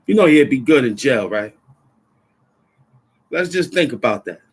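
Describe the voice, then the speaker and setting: On his vlog, a middle-aged man goes off about politics in a casual rant, heated street slang flowing and key phrases repeated for weight. His mid-range voice is husky and animated, yet he takes his time.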